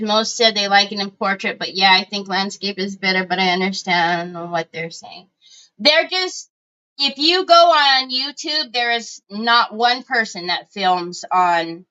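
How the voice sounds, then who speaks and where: A woman's voice: a little high, pushed and bright, smooth, dull audio. A middle-aged woman, chatting casually with viewers while crafting on a livestream and telling stories. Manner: chatty storyteller, talks to viewers as y'all.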